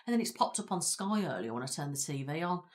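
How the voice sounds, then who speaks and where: A woman's voice: deep voice, animated, fast. A woman with a British accent, hosting a casual live-stream chat, rambling and reading viewer comments aloud from her chair at home. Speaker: ASMR channel host.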